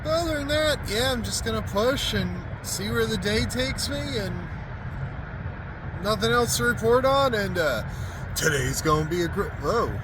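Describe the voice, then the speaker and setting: A man's voice: very high voice, lively intonation, measured pace. Laid-back man vlogging outdoors by traffic. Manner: laid-back, rambling, self-deprecating. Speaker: walking vlogger. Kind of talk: casual vlog monologue. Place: outdoors by a freeway and streets. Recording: outdoor traffic noise behind.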